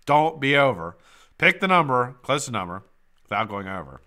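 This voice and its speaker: Excitable lively-pitched man hosting a livestream. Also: normal speed. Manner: loud swings into excited shouts, swears freely. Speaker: livestream host running a trivia giveaway. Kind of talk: casual live chat. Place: home streaming setup.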